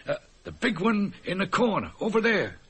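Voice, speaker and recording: A jovial, fatherly boss in a vintage radio drama. His voice sits high and bright with a husky edge, and he chuckles through his lines. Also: big pitch swings, moderate pace, heavily acted. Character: jovial male company boss, hearty and chuckling. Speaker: boss at an office. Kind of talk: 1950s radio drama acting.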